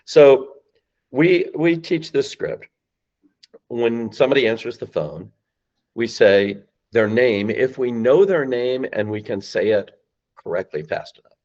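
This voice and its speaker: A man's voice: medium pitch, animated, a little slow, a little mellow, highs cut off. A man explaining sales calls on a podcast, emphatic and acting out phone lines. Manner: emphatic, acts out phone lines, rising and falling voice. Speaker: guest, sales company founder.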